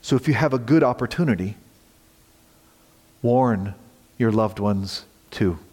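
A man preaching a sermon as pastor, earnest, swinging from loud emphasis to hushed near-whispers. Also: lowish voice, a little slow, breathy edge, in a large hall.

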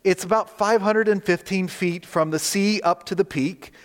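Male pastor, storytelling sermon, slightly high voice, long hall reverb. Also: normal speed. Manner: storytelling, conversational, animated in quoted dialogue. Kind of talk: sermon with slides.

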